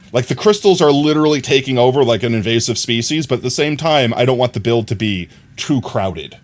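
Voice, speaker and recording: A man casually chatting to viewers while playing a building game on a live stream, talking through his plans, laughing often and trailing off quietly while he works. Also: mid-range voice.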